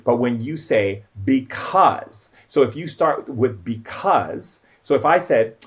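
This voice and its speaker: A man's voice: mid-range voice, measured pace, hardly any pauses. A man speaking as a shaman guest, giving an emphatic spiritual teaching with much repetition, the odd filler and voices acted out for the people and spirits he quotes.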